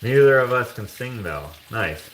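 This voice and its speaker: A man's voice: expressive, a little slow, fairly bright tone, roomy sound, a little hiss or hum. A man hosting a live stream, chatting casually and reading out viewer comments with jokey asides. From Canada. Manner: rambling, jokey, mock-sings in a high voice. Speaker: livestream host.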